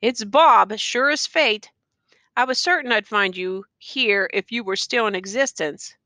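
A woman voicing a tall, calm and firm plainclothes policeman who speaks matter-of-factly. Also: a little high, a little slow, no echo. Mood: friendly.

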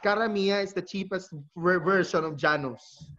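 A male teacher gives an online lecture. His voice sits high. The audio is muffled, as over a video call, and he fixes his own slips as he explains. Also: moderate pace, pushed and bright. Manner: explanatory, with self-corrections. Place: home during a video call. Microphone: computer mic on a video call.

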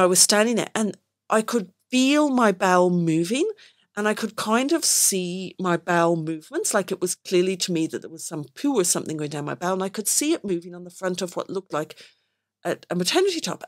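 Lively woman, middle-aged, parenting podcast host, dry close sound. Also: mid-range voice, a little fast, no room sound. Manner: animated storytelling, acts out quoted voices. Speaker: podcast host, baby sleep consultant. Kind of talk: casual chat with parenting advice.

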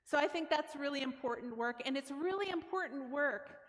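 A woman's voice: high voice, moderate pace. Woman speaking in a reverberant church. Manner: explains steps plainly, acting out everyday dialogue. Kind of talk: conversational sermon talk. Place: church sanctuary. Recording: long church hall reverb.

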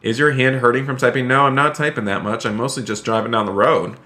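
Upbeat guy streaming a roblox roleplay, bright voice, keys clacking behind him. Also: mid-range voice, steady tone, fast. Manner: upbeat, chatty, addresses chat often. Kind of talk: live game stream commentary.

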